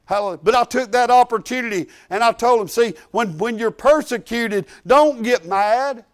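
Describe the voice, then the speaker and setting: A woman's voice: on the high side, normal speed. A woman pastor, preaching a folksy, emphatic sermon full of hallelujahs.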